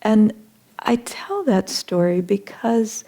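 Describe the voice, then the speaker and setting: A woman's voice: mid-range voice, lively intonation, slow pace, mellow. A woman retelling a spiritual story in a talk, earnest, with frequent fillers.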